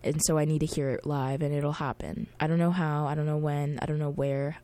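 A woman's voice: low voice, brisk. Chatty young woman campus radio host. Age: 20s. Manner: chatty, lots of fillers and slang, excitable. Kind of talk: casual on-air chat.

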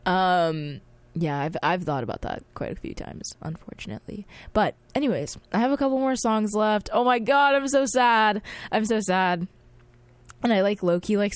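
A woman of twenty chatting casually on air as a campus radio host, excitable and full of slang and fillers. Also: mid-range voice, no echo. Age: 20s.

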